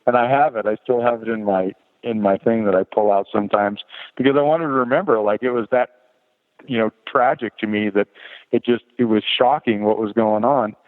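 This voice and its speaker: Middle-aged male podcast guest, low voice, candid rambling storyteller, heard on a phone-like line with long reverb. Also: brisk. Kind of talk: personal story told in an interview.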